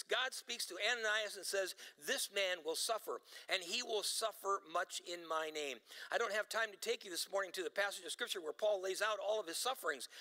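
Male pastor, emphatic sermon delivery, very bright tone, long church reverb. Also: high-pitched. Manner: emphatic preaching, stretches quoted lines slowly. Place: church sanctuary.

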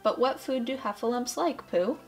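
A woman's voice: a little high, moderate pace, faint music behind, lightly acted. A woman voicing a small, timid male piglet in a storybook reading, with anxious, stammering speech. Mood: nervous.

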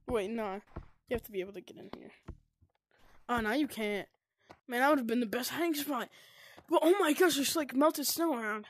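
A woman giving excited gameplay commentary, gushing and squealing, with "oh my gosh" and "dude" constantly. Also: on the high side, normal speed, long pauses, no room sound. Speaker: gaming video creator.

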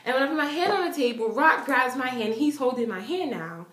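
A young woman with a somewhat high voice tells a story to the camera, animated and chatty, with "like" dropped all through her sentences. The room around her sounds echoey. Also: brisk. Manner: animated, chatty, full of "like" fillers. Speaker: vlogger. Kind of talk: excited storytelling.

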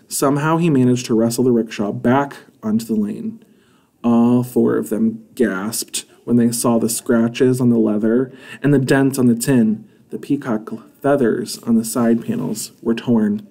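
A man reading a children's chapter book aloud in an expressive, measured way. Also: mid-range voice, creaky. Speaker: storybook reader.

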